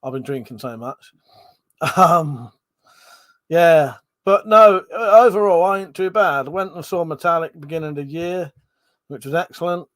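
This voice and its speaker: A man's voice: fairly high pitch, unhurried, a bit bright, dry recording. A man hosting a casual livestream, reading out viewer comments and swearing freely as he chats. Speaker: livestream host.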